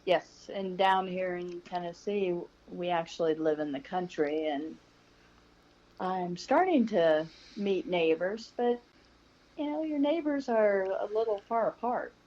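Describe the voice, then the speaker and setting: A woman author speaking as an interview guest in a relaxed, measured way, over a remote call. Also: on the low side. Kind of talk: casual interview chat. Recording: muffled lo-fi line.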